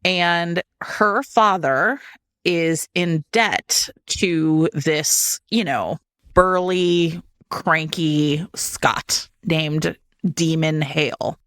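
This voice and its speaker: A woman co-hosting a casual chat podcast, retelling a book in a lively way and acting out the characters' lines. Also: sits low, extremely slow, dry recording, studio quality. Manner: lively storyteller who acts out characters' lines. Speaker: podcast co-host. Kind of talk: casual chat about books.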